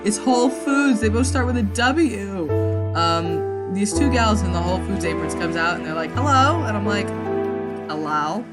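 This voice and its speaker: This young adult gaming vlogger has a medium-pitched voice and a moderate pace, with loud music playing behind her. She rambles through a story while gaming, tripping over her words, restarting and cursing.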